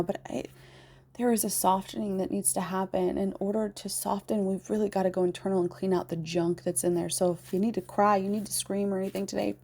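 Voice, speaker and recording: A woman's voice: medium pitch, mellow. A woman in her thirties from the Pacific Northwest, rambling in a heartfelt spiritual talk and swearing casually. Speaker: spiritual channel host.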